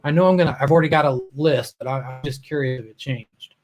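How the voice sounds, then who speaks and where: A man's voice: medium pitch, fast, darkish tone. A man hosting a casual live stream, greeting viewers by name, a little choked up and often trailing off mid-sentence. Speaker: livestream host.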